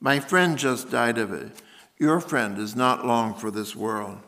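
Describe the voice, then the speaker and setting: A man voicing a blunt, solemn middle-aged German doctor who speaks English haltingly, with slips and broken grammar. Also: mid-range voice, bright, forceful tone.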